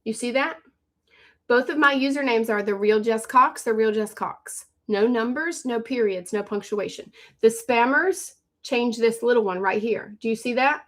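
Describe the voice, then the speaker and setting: A woman hosting a phone live stream, pitching her courses fast and urgently, repeating herself and calling out viewers by name. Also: a bit bright. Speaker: livestream host selling online courses.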